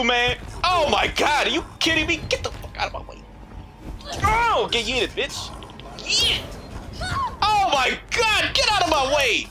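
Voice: high-pitched, very animated, normal speed. Shrieking, cursing let's-play gamer. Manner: shrieks, yells and swears in reaction to scares; mock-taunts enemies. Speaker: gaming YouTuber. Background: game music.

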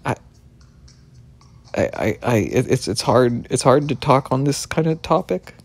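A man giving excitable let's play commentary, stammering over his words and swearing often, with faint game music behind him. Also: medium pitch, a little slow. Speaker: gaming video creator.

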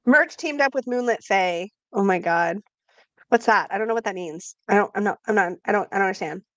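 A woman co-hosting a livestream, chatting in an excitable way with frequent laughs. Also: medium pitch, brisk, dry recording. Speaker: co-host. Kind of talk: casual livestream chat.

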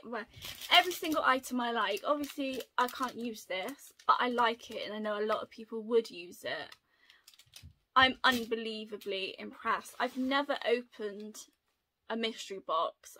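A young woman chatting through an unboxing video, gushing and excitable, often gasping with delight. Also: on the high side. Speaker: unboxing vlogger. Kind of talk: casual unboxing chat.

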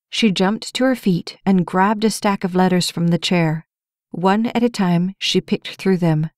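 Woman reading a romance audiobook, lowish voice, even and measured, dry close mic. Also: no echo. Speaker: audiobook narrator. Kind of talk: scripted narration.

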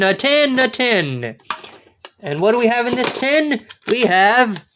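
A man's voice: high voice, sharp tone, slight background noise. A man hosting a casual card-opening video, goofy and playful, full of exclamations and wordplay. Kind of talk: casual unboxing commentary.

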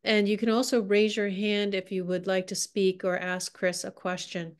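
A woman's voice: medium pitch, little pitch movement, normal speed. A woman moderating a webinar Q and A, friendly and full of fillers as she reads out questions. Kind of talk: hosting a Q and A.

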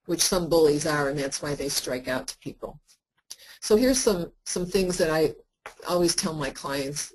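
A woman therapist lecturing to practitioners in an earnest, conversational way, with frequent pauses and fillers. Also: low voice, darkish tone, a little hiss or hum, rough recording. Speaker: therapist teaching a workshop.

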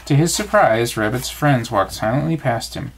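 A father reading a bedtime story aloud, calm and expressive. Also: medium pitch, normal speed, slight background noise.

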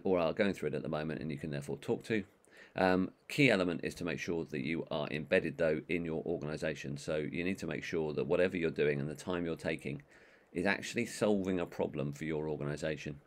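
A man giving an online training course, talking in a monotone with many ums and uhs. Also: rumbling low. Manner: monotone, calls his own voice that. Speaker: management trainer.

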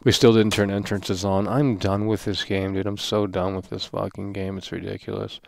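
A man streaming a wrestling video game, trash-talking the screen with lots of swearing, swinging from yelling to low muttering. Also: little pitch movement, normal speed, vocal fry. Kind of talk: casual live-stream commentary.

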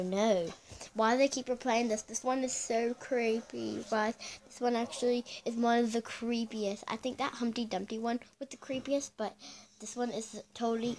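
Chatty woman vlogger, slightly high voice. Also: a little mellow. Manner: chatty, exclaiming, keeps addressing viewers as "you guys". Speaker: vlogger reacting to commercials. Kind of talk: casual reaction commentary.

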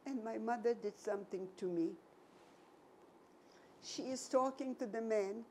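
Old lady in her 90s telling her story, slow and emphatic, repeats herself, soft mellow voice. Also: mid-range voice, slight background noise. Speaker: Holocaust survivor giving a talk. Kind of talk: personal testimony to an audience.

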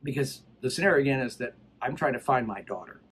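A man's voice: medium pitch, lively intonation, fast, a bit bright, slightly rough, low-quality recording. A middle-aged man talking casually as a firearms trainer, emphatic and conversational as he walks through training scenarios. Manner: emphatic, conversational, retells scenarios with acted quotes. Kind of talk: casual instructional talk.

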